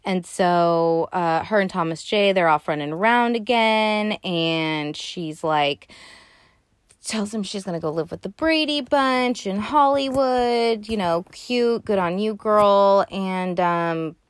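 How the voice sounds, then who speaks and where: A young woman hosting a podcast, recapping a film in a casual, profane, animated way with sassy asides. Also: medium pitch, slow, clear, resonant tone, no echo, studio quality. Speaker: podcast host.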